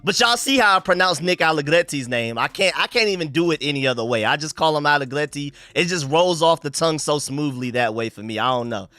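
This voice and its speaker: Reading out viewer comments on his live sports stream, a young American host chats loosely, slipping into slang and restarting his thoughts. His slightly high voice is lively, pushed and bright, and he talks fast with almost no pauses; there's no echo.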